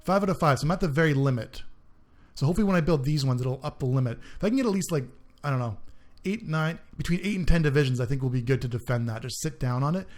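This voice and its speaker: A man's voice: mid-range voice, fast talker, a little mellow. A man hosting a gaming channel, giving casual let's-play commentary on a strategy game, thinking aloud and often trailing off mid-sentence.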